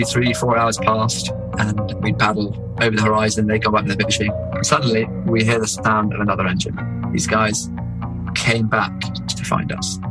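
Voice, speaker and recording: Lower-voiced man telling stories over music. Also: poor audio. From England. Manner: lively, animated storyteller. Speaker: explorer guest. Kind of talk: casual storytelling. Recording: music bed under voice.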